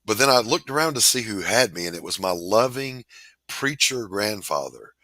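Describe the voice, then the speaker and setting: A man hosting a casual chat, telling folksy, animated stories and reading out comments. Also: on the low side, moderate pace, no room sound, low-quality recording.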